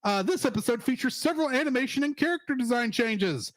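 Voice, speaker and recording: A man co-hosts a relaxed review podcast with a higher voice that leaps around expressively. He jokes and laughs through his points. The recording is dry and close, with no room sound. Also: fast, no room sound. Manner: animated, joking, laughs often. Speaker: podcast co-host. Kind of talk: casual review chat.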